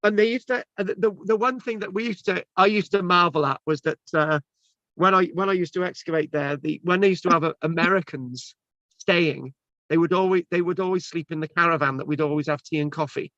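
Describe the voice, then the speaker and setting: A man's voice: sits high, brisk, fairly bright tone, dry recording. Rambling man on a dull video call. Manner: rambling, many restarts and fillers. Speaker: presenter. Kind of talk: casual chat.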